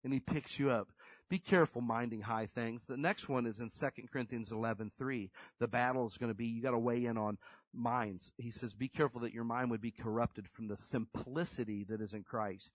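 A man's voice: mid-range voice, fairly quick, no room sound, rough recording. A middle-aged man preaching a sermon in a conversational, emphatic storytelling way.

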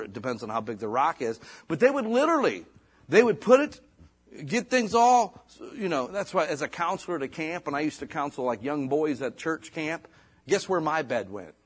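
Folksy, animated male preacher. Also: on the high side, husky. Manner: conversational, folksy preaching with asides and restarts. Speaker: pastor. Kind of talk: sermon.

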